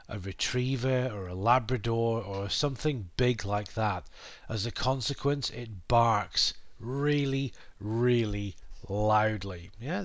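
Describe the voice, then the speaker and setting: A man's voice: on the low side, no room sound. A British man hosting a podcast from his living room, rambling casually with fillers and asides while explaining English words. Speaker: podcast host. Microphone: computer mic at a desk.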